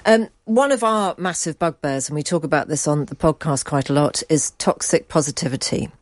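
A woman with a low voice hosts a podcast interview, prompting her guest in a chatty way. The sound is close and dry, with no room around it. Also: brisk, dry recording. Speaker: podcast host.

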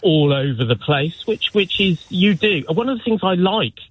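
A man's voice: high voice, animated, normal speed, husky, dry recording. A man in his fifties from England, calling a radio show from his car, talking earnestly with many restarts. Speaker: caller. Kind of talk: phone-in call. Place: car while driving. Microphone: phone line. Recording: tinny phone line from a car.

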